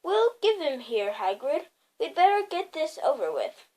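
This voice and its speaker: A woman reading aloud, voicing a calm, kindly old male wizard in a measured way. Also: high-pitched.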